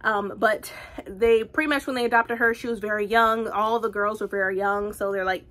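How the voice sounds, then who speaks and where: A woman reviewing a book in a casual vlog, talking in a chatty, rambling way full of fillers, with animated asides. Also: mid-range voice, normal speed. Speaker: book vlogger.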